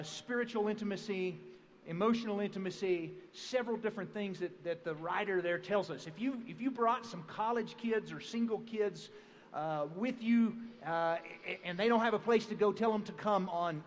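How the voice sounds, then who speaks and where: Chatty man, high voice, hall echo. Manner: chatty, rambling with many fillers and restarts. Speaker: family seminar speaker. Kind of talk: folksy church class talk. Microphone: handheld or stand microphone. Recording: long hall reverb.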